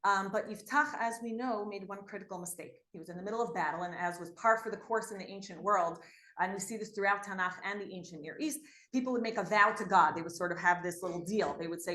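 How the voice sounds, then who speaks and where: A woman teaching a lesson, retelling biblical stories in an animated storytelling way, often checking in with "right?". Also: medium pitch, fast. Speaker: Torah teacher. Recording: echoey room.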